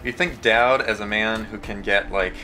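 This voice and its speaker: A man's voice: fairly low pitch, fairly even intonation, normal speed, pushed and bright. A young man narrating his gameplay, joking and self-mocking with rambling asides. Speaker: let's play host. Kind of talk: gameplay commentary.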